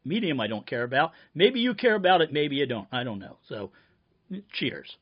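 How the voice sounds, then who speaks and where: A man's voice: medium pitch, big pitch swings, moderate pace, slightly rough. Sardonic rambling man, dull lo-fi sound. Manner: sardonic, profane, rambling tall tale. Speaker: band member promoting a reissue. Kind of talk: rambling deadpan comic monologue.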